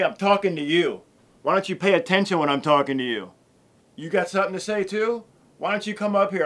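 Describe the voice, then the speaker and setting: Man doing a brash wrestler, taunting, challenging, slightly high voice. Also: fairly bright tone. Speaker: professional wrestler in an art video. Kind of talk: trash talk to an audience.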